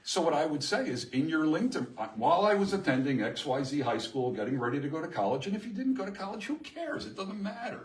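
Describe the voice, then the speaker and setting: A middle-aged man presents a live seminar to an audience in a meeting room, lively and emphatic, often asking the room questions. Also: fairly high pitch, fast talker, few pauses. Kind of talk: live workshop talk to an audience. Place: chamber of commerce meeting room. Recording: echoey room from far off.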